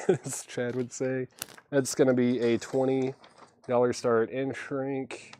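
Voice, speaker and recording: A man hosting a live vinyl record sale, listing titles, conditions and prices in steady patter with self-deprecating asides. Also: medium pitch, slow, clean tone. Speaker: host selling vinyl records on a livestream.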